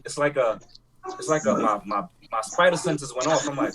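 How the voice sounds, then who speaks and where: A man's voice: a little high, a little fast, over a noisy crowd, rough recording. A man with a Jamaican accent who works as a teacher, telling stories in a casual podcast chat and laughing often. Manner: animated storyteller, laughs often.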